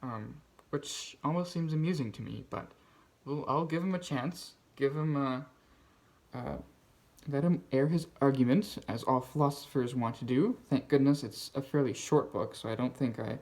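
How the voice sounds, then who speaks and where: A man hosts a casual book video, chatting through his reading list. His voice sits in a middle pitch range. He rambles and restarts often, filling gaps with ums and uhs. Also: moderate pace, darkish tone. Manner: rambling, many fillers and restarts. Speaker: BookTube host.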